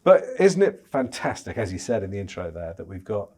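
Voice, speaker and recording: A man's voice: on the low side, big pitch swings, fairly quick, a little mellow. A man, a chief cricket correspondent, chatting casually on a podcast, with frequent stammering restarts.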